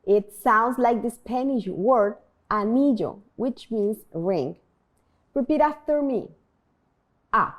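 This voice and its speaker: Slow, lively-voiced woman teaching a language. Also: on the high side. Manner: slow, clear modeling of pronunciation, prompting repetition. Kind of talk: scripted beginner lesson.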